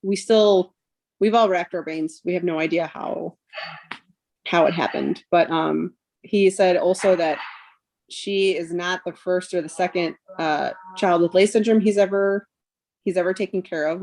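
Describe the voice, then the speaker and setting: A woman in her thirties, a mother appearing as a podcast guest, emotionally retells a painful personal story, quoting other people and using lots of "like" and "um." Her voice is fairly low, steady and darkish at a normal speed, with slight background noise.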